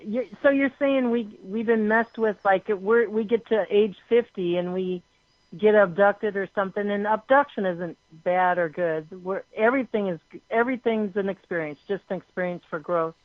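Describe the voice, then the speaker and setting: A woman hosts a call-in chat over the phone, gasping into excited exclamations and rambling through her questions. The line is thin and tinny, with a dry, close sound and no room around her. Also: medium pitch, normal speed, no echo. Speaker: host of a call-in show.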